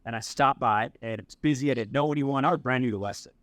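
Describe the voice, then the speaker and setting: A man's voice: mid-range voice, quick pace, no room sound. A man on a podcast co-hosting from a cigar bar, telling stories casually and acting out the people he quotes. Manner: animated, acts out quoted voices. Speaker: podcast co-host. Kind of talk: casual storytelling.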